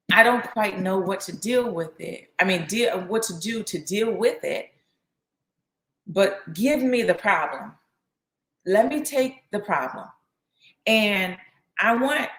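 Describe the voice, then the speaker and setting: A woman's voice: mid-range voice, fairly bright tone, reverberant. A woman giving a conversational sermon, repeating phrases for emphasis and checking in with "right?" as she goes. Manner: casual, uses fillers like "right?" and "you know". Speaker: speaker teaching a faith lesson.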